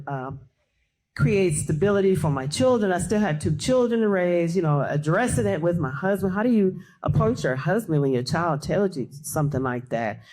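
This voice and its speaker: A woman's voice: lowish voice, a little mellow. A woman on a discussion panel, earnestly sharing a personal story and reflecting on it. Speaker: panel guest.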